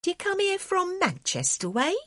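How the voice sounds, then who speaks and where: A woman's voice: very high voice, wildly swooping pitch, moderate pace, fairly bright tone, no echo, studio quality, pitched above the performer's own voice, heavily acted. Woman doing a chatty landlady. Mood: sympathetic. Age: 30s. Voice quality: homely dropped-h slang, motherly. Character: chatty working-class London landlady, kindly.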